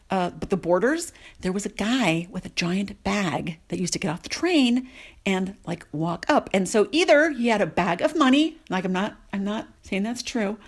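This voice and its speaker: A woman telling a casual travel story in a chatty, rambling way, full of fillers and asides. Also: medium pitch. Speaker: podcast segment contributor.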